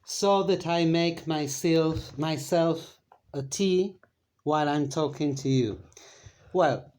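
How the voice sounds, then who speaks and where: A man with an Argentine accent teaching a Spanish lesson in English, explaining step by step with many pauses and fillers. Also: fairly high pitch, a little mellow. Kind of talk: slow bilingual language lesson.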